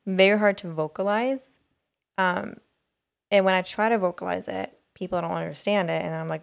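Low, gravelly-voiced woman chatting casually. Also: fairly even intonation, moderate pace. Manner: rambling, hesitant, searches for words. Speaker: podcast co-host. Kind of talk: casual chat.

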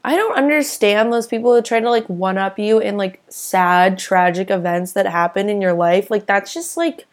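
A woman's voice: mid-range voice, normal speed, hardly any pauses. A young woman in casual chat, incredulous and often laughing. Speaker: friend in conversation.

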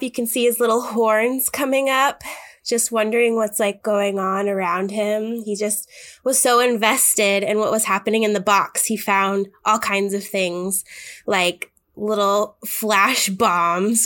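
A woman's voice: on the high side, a bit bright. A woman player describing her character at a tabletop game, with frequent giggles. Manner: slow, giggly narration.

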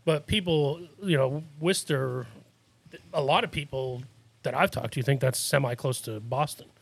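A man's voice: mid-range voice, moderate pace, vocal fry, slightly rough. A man from Massachusetts hosting a casual podcast chat, telling rambling stories and laughing often. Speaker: podcast host.

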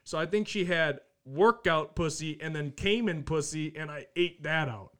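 A man's voice: a little high, moderate pace, a bit bright. A man on a podcast trading crude jokes in casual banter and giggling often.

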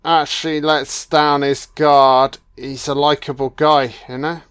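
A film commentator talks casually through a movie, laid-back and unhurried, dropping swear words, filler and plenty of "you know." His middling-pitched voice is smooth and clear, recorded close and dry with no room sound or echo.

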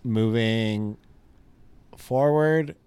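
A man's voice: on the low side, extremely slow, darkish tone, clean tone, no room sound. A young man from Los Angeles co-hosting a podcast, telling a rambling story in casual chat and laughing often. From Los Angeles area. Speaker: podcast co-host.

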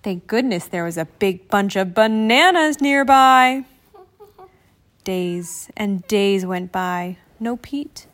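A woman reading a children's picture book aloud in an expressive, animated way. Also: mid-range voice, takes it slowly. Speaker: storybook reader.

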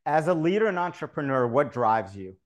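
A man's voice: a little high, very animated, fairly quick. A man hosting the interview, asking short questions and laughing along with his guest. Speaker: interviewer, host.

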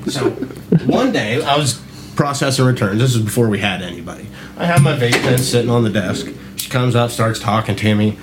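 A man's voice: medium pitch, brisk. A man casually telling profane stories from his job on a podcast, acting out what people said. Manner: animated, swearing often, acting out quotes.

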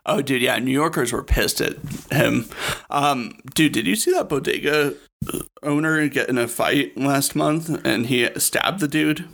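A man's voice: mid-range voice, measured pace, creaky, a bit bright. A young man hosting a casual chat, telling stories in a loose, easygoing way. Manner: easygoing storyteller, frequent "dude" and "like". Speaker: podcast host.

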